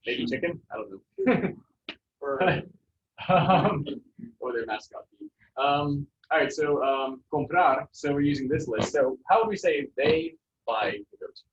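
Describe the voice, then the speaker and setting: A man teaching a Spanish class, relaxed and jokey, with many fillers. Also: a little high, unhurried, a little hiss or hum. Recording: roomy, distant, muffled classroom sound.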